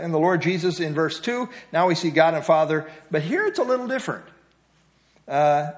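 A middle-aged man teaching an evening Bible study in a conversational way, asking his listeners questions. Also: fairly high pitch. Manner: conversational, asks the group questions.

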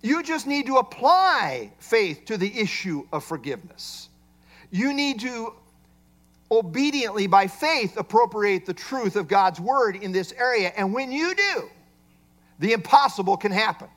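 A male pastor giving a sermon. His voice sits high and moves lively up and down. He explains a Bible passage verse by verse and poses rhetorical questions to his listeners. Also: measured pace. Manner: expository preaching with rhetorical questions.

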